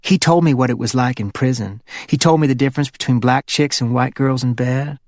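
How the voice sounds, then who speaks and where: A man's voice: fairly quick, a little mellow, no echo, clean studio sound, close to an everyday voice. A man voicing a playful, flirty wealthy woman in her fifties with a Hollywood Southern accent, chatty and teasing. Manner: teasing and chatty, sliding up into a higher voice.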